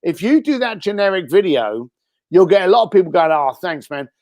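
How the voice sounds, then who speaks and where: Animated high-voiced British man. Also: a little fast, no room sound, lo-fi sound. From Britain. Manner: animated, acts out quoted speech. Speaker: guest. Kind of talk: casual interview advice.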